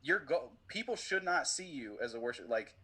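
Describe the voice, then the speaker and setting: A man's voice: medium pitch, very animated, moderate pace, pushed and bright, slightly rough. A young adult man, a musician guest on a podcast, talking casually and rambling a lot. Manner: rambling, many "like" fillers. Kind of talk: casual conversation.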